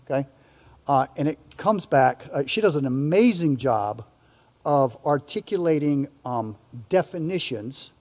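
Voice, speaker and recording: A man's voice: a little high, expressive, unhurried, a little mellow, big-room sound. An older man speaking as a panelist in a discussion, earnest and reflective, often restarting his sentences.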